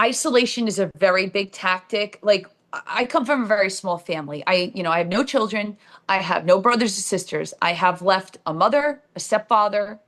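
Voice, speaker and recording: A woman's voice: medium pitch, a bit bright. A woman, a podcast guest telling her story candidly and bluntly, with sarcasm and casual swearing.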